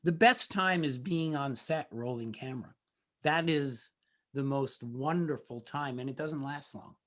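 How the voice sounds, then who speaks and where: A man in his sixties recounts on-set stories as a guest director in a laid-back interview. He slips into the voices of the people he quotes, at an everyday middle pitch. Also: unhurried, a bit bright. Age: 60s. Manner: anecdotal, acts out quoted dialogue. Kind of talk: relaxed interview storytelling.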